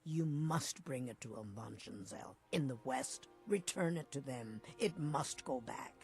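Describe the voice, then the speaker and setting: An actor voicing a dying stranger in a video game, pleading in a strained, halting voice as they hand over a relic. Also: medium pitch, animated, vocal fry, a little mellow, soft background music. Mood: pleading, weak.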